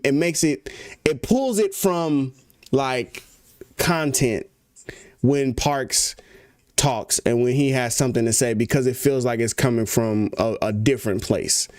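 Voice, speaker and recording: A man's voice: mid-range voice, darkish tone, no room sound, clean studio sound. A man chatting casually on a stream, rambling loosely and laughing easily. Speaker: music producer and streamer. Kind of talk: casual livestream chat.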